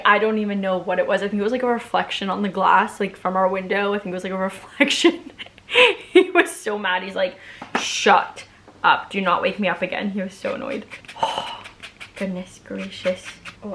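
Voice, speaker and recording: A woman's voice: medium pitch, a bit bright, a little hiss or hum. Bubbly young woman chatting at home. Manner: chatty, bubbly, heavy use of "like". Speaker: vlogger. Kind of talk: casual chat while doing her nails.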